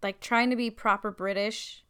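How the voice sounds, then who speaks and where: Podcast co-host, woman, smooth clear voice, casual chat with quick interjections. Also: medium pitch, steady tone, sharp tone. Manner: chimes in with short agreements and details. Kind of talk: casual movie recap chat.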